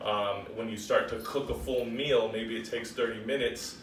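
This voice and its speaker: A man's voice: medium pitch, steady tone, moderate pace, recorded from a distance, a little hiss or hum. A man gives a casual dog training lesson. He speaks plainly and fills his explanations with ums. He is recorded from a little way off in a roomy space with faint background ambience. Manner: gives firm short commands, then chatty explanation with many ums.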